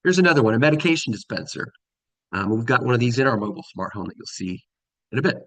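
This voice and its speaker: A man's voice: mid-range voice, very animated, quick pace, fairly bright tone, dry recording. Man presenting, dry close sound. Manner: casual, many ums and restarts. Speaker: conference presenter. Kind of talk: presenting a slideshow talk.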